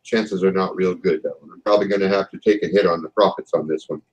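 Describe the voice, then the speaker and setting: A man voicing a stern but wry male company boss who talks in a measured, businesslike way, pausing on fillers. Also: low-pitched, steady tone, a little mellow, breathy edge, dull audio.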